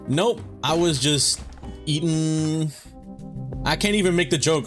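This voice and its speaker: Exasperated young man ranting, lively pitch. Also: brisk, faint music behind. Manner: exasperated, swearing, slangy, emphatic. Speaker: vlogger. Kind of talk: casual ranting monologue.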